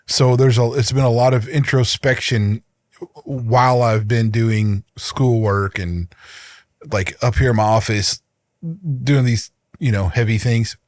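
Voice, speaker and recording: A man's voice: mid-range voice, fairly even intonation, measured pace, dry recording. A man co-hosting a casual chat podcast, talking in a rambling way with many restarts and fillers. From United States. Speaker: podcast co-host.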